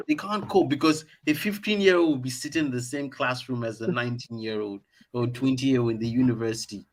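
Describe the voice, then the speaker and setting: A man speaking calmly as a panelist in a casual discussion. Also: medium pitch, a little fast.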